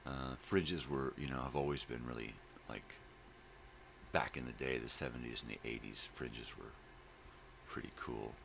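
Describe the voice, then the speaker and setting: An older man hosting a morning vlog, chatting in a slow, drifting, rambling way, drowsy from cold medicine. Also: very deep voice, fairly even intonation, gravelly, noisy background. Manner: slow, drifting, full of fillers and wordplay. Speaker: vlog host.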